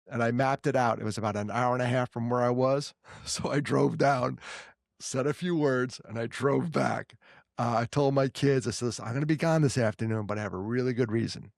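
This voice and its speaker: A man with a New York accent, co-hosting a podcast and telling stories in casual, animated chat full of quick restarts. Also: medium pitch, creaky, dry recording, studio quality. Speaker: podcast co-host.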